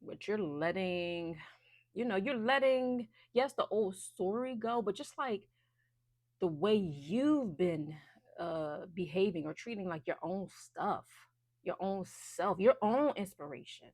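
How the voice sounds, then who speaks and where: A woman's voice: mid-range voice, expressive, takes it slowly, darkish tone, no room sound, studio quality. A woman giving a casual, chatty intuitive card reading, loose and full of fillers. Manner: chatty, loose, many fillers and restarts, laughs often.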